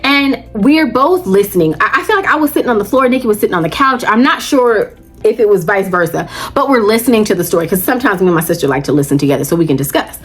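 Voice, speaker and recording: A woman's voice: medium pitch, expressive, fast talker, slightly rough. A woman vlogging about audiobooks in a casual chat, gushing and chatty, calling her viewers "child" and "baby".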